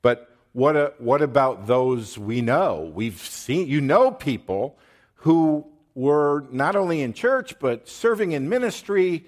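A man preaching a teaching sermon, stressing words and pausing to check in with his listeners. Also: medium pitch, animated. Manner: emphatic, pauses to drive points, checks in with "okay?". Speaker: pastor.

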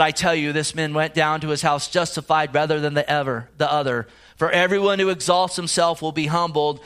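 A man's voice: on the high side, fairly bright tone, smooth. A man preaching a sermon as a pastor, reading scripture and asking the congregation direct questions.

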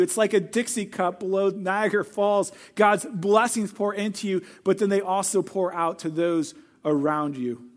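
An earnest male pastor preaching a sermon and moving into heartfelt prayer. His voice sits fairly high for a man. He speaks with steady conviction throughout. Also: moderate pace.

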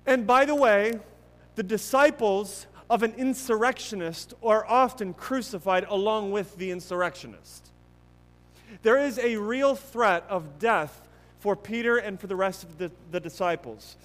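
A man preaching a sermon earnestly and emphatically, with many restarts, swinging between loud stresses and hushed passages. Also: sits high, measured pace, in a large hall. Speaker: pastor.

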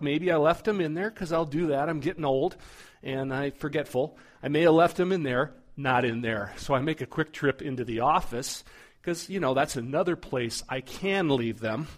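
Middle-aged pastor telling a story. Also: male voice, a little high, normal speed. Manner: storytelling, conversational and animated. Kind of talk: sermon.

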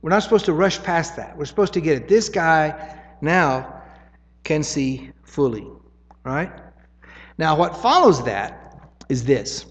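A man's voice: a little high, very animated, slow pace, pauses often, in a large hall. A man preaching a sermon in an easy, conversational teaching way, often checking in with "right?".

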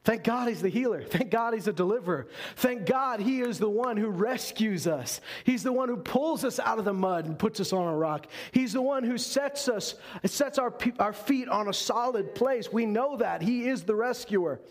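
A man's voice: high voice, animated, moderate pace, hardly any pauses. A man preaching a sermon as pastor, earnest and repeating phrases for emphasis.

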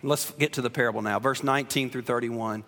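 A man's voice: medium pitch, fairly even intonation, a little fast, sharp tone. A man, a pastor, preaching a sermon in an earnest, emphatic way, often restarting his phrases. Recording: long reverb of a large hall.

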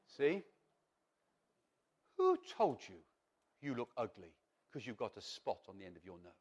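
A man preaching a sermon in a theatrical, animated way, acting out the lines he quotes. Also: mid-range voice, measured pace, long pauses. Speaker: pastor.

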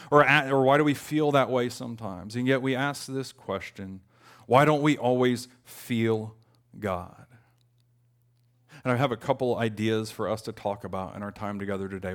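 A man's voice: mid-range voice, normal speed. A man in his thirties preaching a conversational, earnest sermon, lifting his voice when he quotes a lament. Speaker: pastor.

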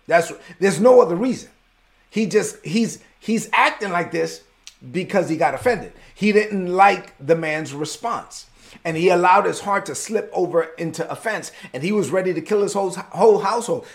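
A man preaching a sermon, retelling a story with lively slang and acted-out voices. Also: high-pitched, gravelly. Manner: animated storytelling, acts out voices, conversational slang. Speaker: pastor.

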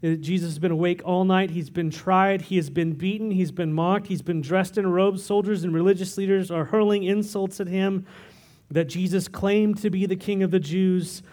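A man's voice: high-pitched, steady tone, moderate pace, a little mellow. A man preaching through a Bible passage in a conversational way, explaining the text with asides and filler words. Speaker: pastor. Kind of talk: expository sermon.

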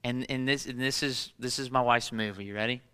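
A man's voice: mid-range voice, steady tone, a little fast, pushed and bright, clear, resonant tone, big-room sound. A man in his thirties preaching a sermon as pastor, emphatic, repeating key phrases and asking rhetorical questions.

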